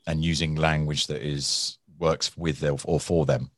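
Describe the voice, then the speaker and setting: A man's voice: very deep voice, a little slow, no room sound, studio quality. A man talking about negotiation in a conversational interview, often acting out angry people and restarting his words. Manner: animated storytelling, acts out angry people. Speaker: guest, former hostage negotiator.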